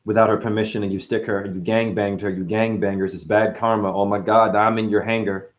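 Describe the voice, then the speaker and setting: A man's voice: on the low side, little pitch movement, a little fast. Man freestyling rambling wordplay rhymes. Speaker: freestyle rapper. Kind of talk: freestyle rap.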